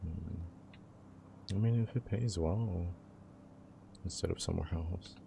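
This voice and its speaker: A man's voice: deep voice, unhurried, gravelly, background noise. A young man casually chatting with his livestream viewers in a laid-back, slangy way. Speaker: live streamer.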